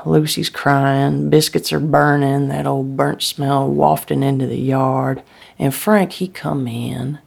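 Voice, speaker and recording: Woman doing a slow first-person monologue, gravelly and husky, lots of whispery bits. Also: extremely low pitch, fairly even intonation, a little mellow. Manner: drawling dialect storytelling, slipping into breathy whispers. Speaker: storyteller.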